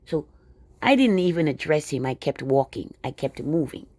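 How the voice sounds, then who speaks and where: A woman's voice: low voice, very animated, normal speed, darkish tone, husky, dry recording. A woman delivering a casual, indignant monologue straight to her viewers, full of sarcastic asides. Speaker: video blogger.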